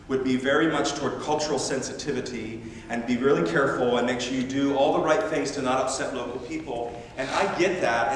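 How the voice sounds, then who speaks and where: A man preaching a sermon as a missionary, animated and emphatic, with self-deprecating humor. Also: mid-range voice, distant mic, slight background noise. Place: large church sanctuary. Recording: echoey church hall from afar.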